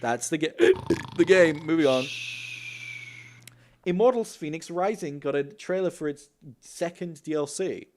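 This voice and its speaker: A young man hosting a gaming news livestream, talking quickly and casually, swearing and laughing often. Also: on the high side, animated. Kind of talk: casual live-stream chat.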